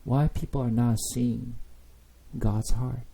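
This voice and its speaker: A man's voice: medium pitch, fairly even intonation, slow, creaky, mellow, breathy edge. A man teaching a Bible study sermon, impassioned, full of rhetorical questions and "you know" fillers.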